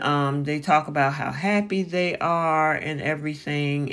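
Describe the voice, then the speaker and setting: A recap host talks through a reality TV episode in a loose, conversational way. The voice sits at an ordinary middle pitch and keeps paraphrasing the cast, with plenty of "um" and "you know" along the way. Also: a bit bright. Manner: chatty, paraphrasing with frequent fillers. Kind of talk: casual reality-TV recap commentary.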